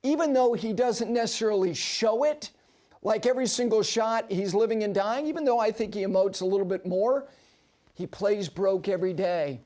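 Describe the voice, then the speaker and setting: High-voiced animated man hosting a golf show. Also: normal speed. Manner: animated storyteller with emphatic asides. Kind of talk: broadcast sports commentary. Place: TV studio.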